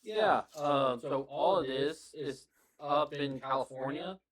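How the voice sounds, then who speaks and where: A man's voice: on the high side, takes it slowly, a bit bright, low-quality recording. A man in a casual podcast chat, explaining at length with many fillers. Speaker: podcast guest.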